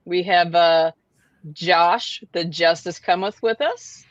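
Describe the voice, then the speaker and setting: A woman's voice: fairly low pitch, slow, dry recording. A woman hosts a casual livestream show. She is chatty, laughs easily and fills her talk with ums and uhs. The sound is dry and a bit dull, like a lo-fi home setup. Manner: chatty, laughing often, many fillers. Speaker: host.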